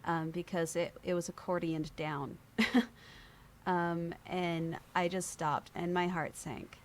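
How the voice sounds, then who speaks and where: Speaking slowly in a lowish voice, a female podcast guest recounts something from her own life, mimicking the people she quotes as the lively conversation unfolds.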